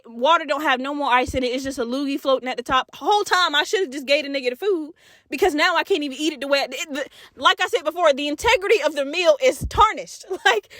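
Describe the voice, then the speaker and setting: Animated, profane high-voiced woman podcaster. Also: no room sound, clean studio sound. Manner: animated, profane, laughs while telling stories, acts out voices. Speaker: podcast host. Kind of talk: casual storytelling monologue.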